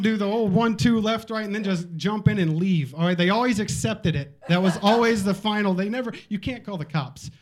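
A man with a high-pitched voice doing stand-up at a bar comedy night. He talks in a loose, conversational, self-mocking way. There is a light hiss of noise behind him. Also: fairly quick, hardly any pauses. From Virginia. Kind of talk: stand-up set.

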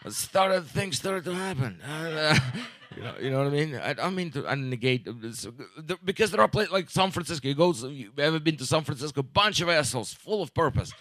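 A man in his forties doing a stand-up comedy set, rambling and deadpan, with halting restarts and profanity. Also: fairly high pitch, dry recording. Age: 40s.

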